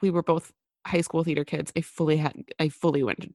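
Woman in her thirties, low-pitched, dry close sound; chatty co-host, heavy on fillers. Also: level tone, a little fast, mellow, no echo. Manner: chatty, many fillers and restarts. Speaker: podcast co-host. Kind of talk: casual chat.

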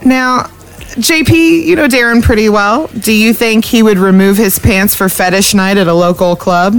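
Podcast host, woman, cheeky and crude, casual banter, soft music underneath. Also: mid-range voice, moderate pace, smooth, low-quality recording. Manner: playful, swears freely. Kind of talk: casual chat.

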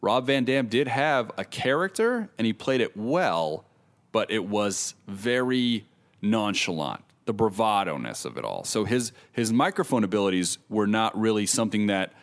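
A man with a fairly low voice walks through a wrestler's career piece by piece. He talks as an informed commentator, explaining each point. His delivery sounds like an interview. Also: very animated, normal speed. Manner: knowledgeable, explains step by step.

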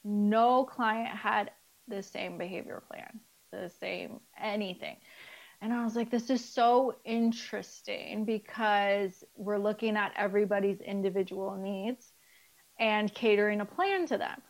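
A woman's voice: medium pitch, unhurried, gravelly, low-quality recording. A middle-aged woman, a spiritual life coach, talking casually as a podcast guest and acting out remembered conversations. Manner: animated storytelling, acts out quoted dialogue; candid, swears casually and laughs.

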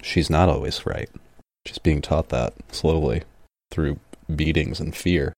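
A man's voice: a bass voice, a little slow, a little mellow. A man co-hosting a casual book discussion, laughing often and reading passages aloud. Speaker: podcast co-host.

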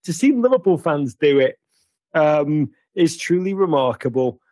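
A man's voice: on the high side, big pitch swings, unhurried, a little mellow, dry recording, studio quality. A man hosting a football chat, telling stories theatrically and teasing his caller playfully. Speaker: host.

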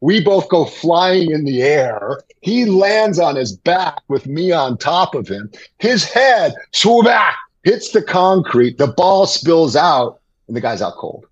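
Husky-voiced man telling a wild story. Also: fairly high pitch, slow, hardly any pauses, highs cut off. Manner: excited, laughing anecdote teller. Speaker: guest, former TV gladiator. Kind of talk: animated storytelling.

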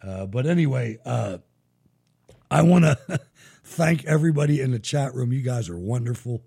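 Gravelly, lively middle-aged male host. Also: medium pitch, normal speed. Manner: animated, profane storytelling. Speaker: show host. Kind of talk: casual live-show chat.

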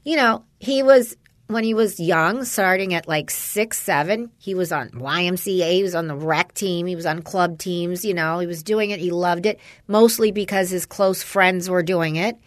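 A woman's voice: on the low side, normal speed, no echo, studio quality. A woman in casual chat with a friend, rambling through a story about her son and acting out what people said. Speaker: parent chatting with a friend.

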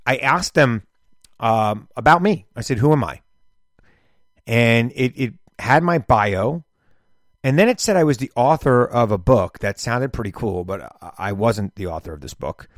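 A man's voice: medium pitch, lively intonation, unhurried, dry recording, studio quality. A middle-aged man hosting his podcast in a rambling casual chat, often stumbling and restarting. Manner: rambling, self-interrupting, stammers on restarts. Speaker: podcast host.

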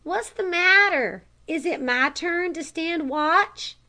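A woman voicing a young boy in a storybook reading, roused from sleep to find his dog, speaking high and excited. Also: takes it slowly, full character voice. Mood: sleepy.

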